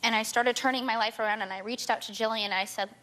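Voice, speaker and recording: A woman in her twenties, a talk show guest, rushing through an emotional personal account and repeating herself as she pleads her case. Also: on the high side, steady tone, bright, forceful tone.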